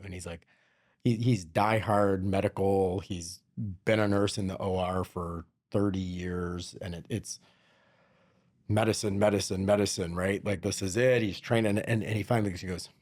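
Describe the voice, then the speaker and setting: A podcast host with a somewhat low, husky voice tells stories in easy conversation. He acts out both sides of the exchanges as he goes. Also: moderate pace. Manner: animated storyteller, acts out dialogue. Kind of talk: casual chat.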